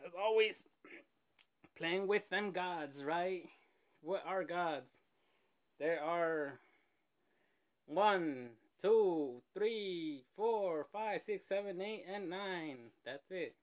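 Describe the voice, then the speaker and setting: Male reaction host, slightly high voice, loose rambling asides. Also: drawn-out words, pauses often. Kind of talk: casual reaction commentary.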